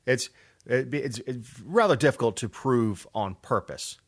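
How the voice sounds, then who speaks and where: A man's voice: medium pitch, lively intonation, moderate pace. A man, co-hosting a casual political podcast with wry, rambling sarcasm. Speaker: podcast co-host.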